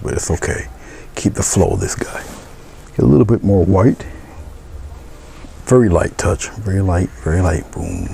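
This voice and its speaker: A deep-voiced man with a gravelly edge walks viewers through a painting, calm and encouraging. His words often sink into soft, half-whispered murmurs as he works, over a faint hum of room noise. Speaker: painting instructor. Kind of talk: step-by-step painting tutorial.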